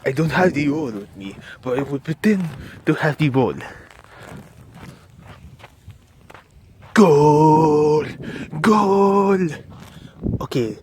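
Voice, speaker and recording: A man's voice: mid-range voice, animated, fairly quick, few pauses, darkish tone, a little hiss or hum, lightly acted. A young man playing an eccentric, boastful French man in a comedy skit, rambling and swearing in a put-on French accent as he walks outdoors on ice. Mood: boastful excited. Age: young adult. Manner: goofy, rambling, swearing, self-narrating. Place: outdoors on icy ground.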